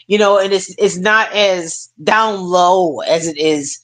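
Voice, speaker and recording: A woman hosting a casual talk stream, telling stories in a lively way with plenty of fillers. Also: medium pitch, normal speed, hardly any pauses. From United States. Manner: animated storytelling with many fillers. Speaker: stream host. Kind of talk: casual chat.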